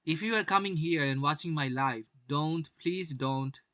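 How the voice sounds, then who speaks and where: A man's voice: on the high side, a little slow, a bit bright, dry recording. A young man doing live-stream market commentary, brash, swearing often and firing rhetorical questions at his viewers.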